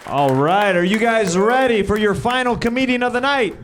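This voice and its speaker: A man's voice: high voice, moderate pace. A man hosting a live comedy show, upbeat and hyping up the crowd as he introduces the next comic. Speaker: host. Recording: live club mic with music and crowd noise.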